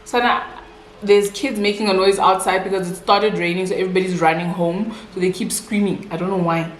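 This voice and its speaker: A young South African woman with a Xhosa-influenced accent, telling a casual storytime while eating, chatty and animated. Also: mid-range voice, brisk, roomy sound, slight background noise. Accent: South African, Xhosa-speaking. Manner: chatty, code-switching, animated retelling. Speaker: vlogger.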